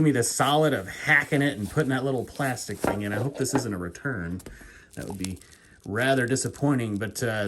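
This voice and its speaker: A man narrates his own watch unboxing while short of breath, his voice swinging widely in pitch as he rambles and teases himself. A faint hiss sits under the recording. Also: a little fast. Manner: excitable, rambling, self-mocking. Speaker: watch channel host. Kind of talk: casual unboxing vlog.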